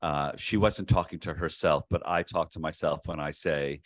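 A man co-hosting a casual chat, laid-back and quick to agree. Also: extremely low pitch, steady tone.

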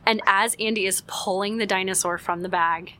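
A mother telling a parenting story in a casual teaching talk, animated, with frequent "like" and quick acted-out quotes. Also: medium pitch.

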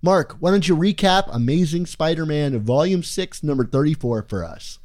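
A man's voice: fairly high pitch, lively intonation, moderate pace. A man co-hosting a fan podcast, chatting in a playful, wordy, self-deprecating way, his S sounds a little heavy. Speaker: podcast co-host. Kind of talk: casual podcast chat.

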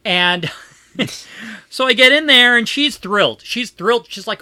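Woman, casual podcast chat, piercingly bright tone, dry close sound, chatty and self-interrupting. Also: a little high, lively intonation, measured pace, no room sound. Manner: rambling, chatty storytelling with frequent laughs.

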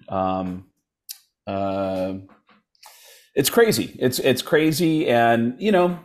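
A man who is a comedian guest, telling animated stories and switching into voices for the people he quotes. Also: medium pitch. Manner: lively anecdotes with quick voice switches for quoted people. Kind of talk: animated storytelling chat.

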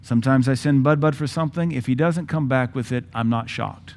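A man in his forties preaching a sermon with passion, using dramatic pauses and acting out voices from scripture. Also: mid-range voice, steady tone, a little mellow. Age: 40s. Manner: impassioned, dramatic pauses, mimics Bible voices.

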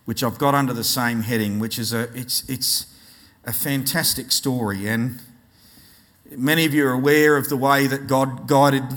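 A man delivers a sermon at an ordinary, mid-range pitch, talking to his listeners as if chatting with friends. He draws out important words from the scripture slowly and with emphasis, then drops back into an easy, informal pace. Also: steady tone, a bit bright. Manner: conversational preaching, slows down to stress scripture words. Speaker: preacher.

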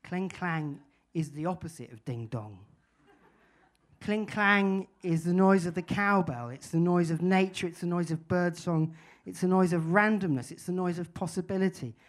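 A man's voice: high voice, moderate pace, close to an everyday voice. A man doing an intense, solemn German musician. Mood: insistent.

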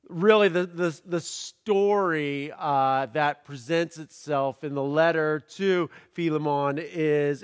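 Joking pastor preaching in a long-echo hall. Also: male voice, on the high side, a bit bright. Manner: halting, with many fillers and repeated words; playful, punning delivery. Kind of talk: sermon with jokes. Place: church sanctuary. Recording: long reverb of a large hall.

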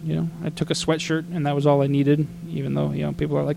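A man from Arizona with a slightly raised voice tells a rambling travel story in relaxed podcast chat. He gets animated and exasperated, jumping into mock quotes of other people. A faint hum runs under the recording. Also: a little high, quick pace, gravelly, hardly any pauses.

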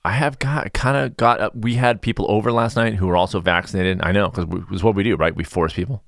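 A man hosting a podcast in a relaxed, mellow mood, chatting in a rambling way with a sarcastic streak. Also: fairly low pitch, quick pace, gravelly, no room sound, clean studio sound. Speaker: podcast host. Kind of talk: casual podcast monologue.

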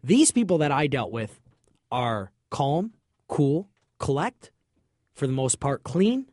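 A man's voice: mid-range voice, big pitch swings, slow, darkish tone, no echo, clean studio sound. A man chatting casually, telling a long story with jokes and cleaned-up slang. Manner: chatty, joking, self-censoring slang.

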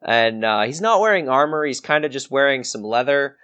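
A man's voice: mid-range voice, animated, fairly quick, sharp tone, smooth. Rambling male game master. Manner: rambling, hesitant, many fillers and restarts. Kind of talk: narrating a tabletop game.

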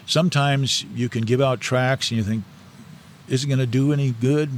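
A man's voice: mid-range voice, steady tone, moderate pace, slight background noise. A middle-aged man, a guest in an interview, telling stories in a rambling, anecdotal way with many fillers and restarts. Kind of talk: casual storytelling interview.

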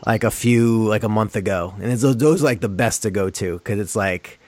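A man's voice: on the low side, moderate pace, no room sound. A man hosting a casual podcast, talking loosely with frequent "like" fillers. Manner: relaxed, lots of "like" fillers. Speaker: podcast host.

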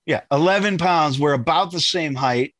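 A man's voice: a little high, normal speed, no room sound. A man hosting a casual podcast, swearing and poking fun at himself, stumbling over his words when worked up. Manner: animated, self-deprecating, swears, stammers when worked up. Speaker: podcast host. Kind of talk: casual banter.

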